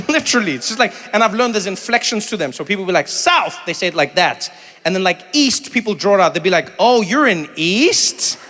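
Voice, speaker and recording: A middle-aged man from South Africa doing animated stand-up comedy with crowd work, acting out voices as he tells stories. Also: high-pitched, rapid-fire. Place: large theater stage. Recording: reverberant hall with faint ambience.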